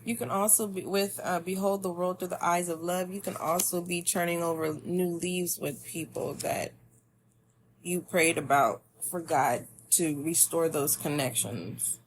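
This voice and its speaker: A woman's voice: on the low side, steady tone, unhurried, a little hiss or hum. A woman giving a spiritual tarot reading, talking to the listener in a meandering, musing way. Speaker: tarot reader.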